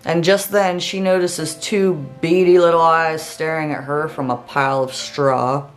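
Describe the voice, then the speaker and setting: Here is a woman hosting a comedic fairy tale retelling. She narrates in a casual, lowish voice, and faint music plays underneath her. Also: fairly even intonation, measured pace. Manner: casual, sarcastic asides. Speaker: storyteller host.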